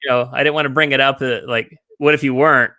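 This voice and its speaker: A man's voice: mid-range voice, fairly even intonation, quick pace, sharp tone, no echo. A male host of a comedy podcast asking questions in casual chat, hesitant and stumbling over his words.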